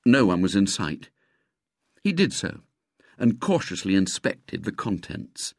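A man reading a children's story aloud with expressive, lively narration. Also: fairly low pitch, a little slow, dry recording, clean studio sound.

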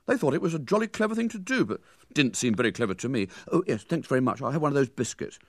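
A man's voice: medium pitch, sing-song, fast talker, no room sound, clean studio sound, voice pushed up. A man voicing a boastful schoolboy who chatters on with his mouth full.

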